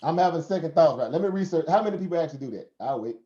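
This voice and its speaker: A man with a Southern American accent, hosting a live stream in a slightly high, warm voice. He lectures in a preachy way, throws out rhetorical questions and laughs often. The sound is roomy and a little dull. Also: expressive, rapid-fire. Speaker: host. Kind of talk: casual live stream talk.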